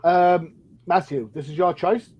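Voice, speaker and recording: A man's voice: high voice, fairly even intonation, a little slow, husky, highs cut off. A man hosting a comic book podcast, chatty and playful, with many fillers. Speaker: podcast host. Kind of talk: casual chat.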